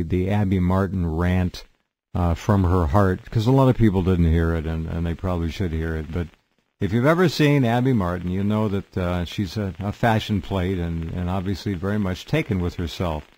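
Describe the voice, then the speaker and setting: A man's voice: deep voice, normal speed, dark tone. A man hosting a radio talk show, interviewing a guest and giving blunt, opinionated remarks. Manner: blunt, opinionated, many short backchannels. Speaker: radio host.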